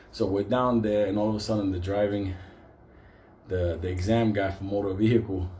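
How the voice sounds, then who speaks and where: A man's voice: lowish voice, warm tone, slight background noise. Profane New man telling a story. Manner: profane, laughing storyteller who acts out the people in his story. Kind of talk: casual anecdote.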